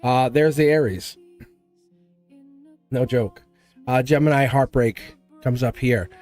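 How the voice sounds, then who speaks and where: A man with a mid-range, darkish voice gives a slow, live tarot reading over soft background music. He's blunt and chatty, laughing often and putting on little character voices.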